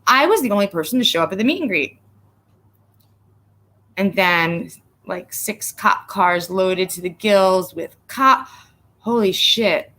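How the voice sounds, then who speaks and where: A woman vlogger rambles on a casual live stream, swearing sarcastically and getting emotional, at times tearing up as she reads viewers' comments. Her medium-pitched voice is animated, pushed, and bright, with a measured pace and frequent pauses.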